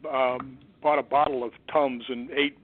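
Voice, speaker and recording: A man's voice: medium pitch, unhurried, no room sound. Man telling a story over a tinny phone line. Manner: animated, acts out quoted voices. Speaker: guest, stuntman and ghost hunter.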